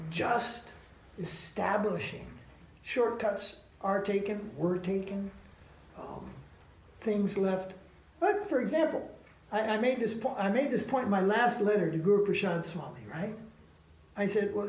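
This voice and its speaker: A man's voice: high voice, darkish tone. Man teaching an emphatic spiritual class. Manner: emphatic, conversational, full of rhetorical questions. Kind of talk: informal spiritual class talk. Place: ashram classroom. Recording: roomy echo.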